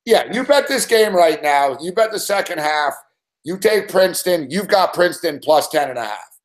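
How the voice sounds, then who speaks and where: A man's voice: fairly high pitch, animated, normal speed. A man from Canada, talking through sports betting picks in a casual live chat and laughing easily.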